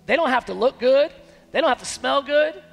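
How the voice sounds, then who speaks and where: A man preaching a sermon as pastor, emphatic, with dramatic pauses. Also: very high voice, animated, vocal fry, long reverb tail, soft background music. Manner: acts out quoted dialogue in shifting voices. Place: church sanctuary.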